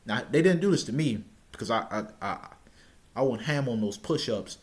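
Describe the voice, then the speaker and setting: A young man casually telling a personal story, stammering now and then and shouting out the lines he quotes. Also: mid-range voice, animated, normal speed.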